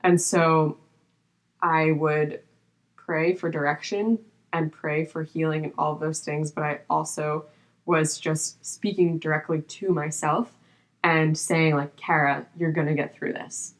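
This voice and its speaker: A woman's voice: deep voice, flat delivery, takes it slowly. A young adult woman telling a personal story on a podcast as a guest, earnest and open, with frequent "like" fillers.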